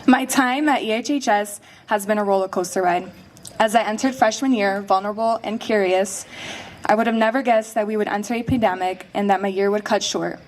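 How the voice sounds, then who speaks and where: A teenage young woman speaks a personal graduation speech with heartfelt earnestness. Her voice has a middling pitch and an even, sincere delivery. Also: a little fast, a little hiss or hum. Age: late teens. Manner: heartfelt, earnest, a little emotional.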